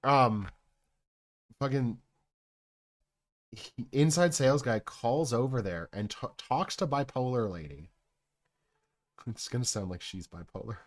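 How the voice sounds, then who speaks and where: A man's voice: medium pitch, animated, a little slow, long pauses. A young man chatting casually on a live stream, telling a rambling story full of swearing and asides to his chat.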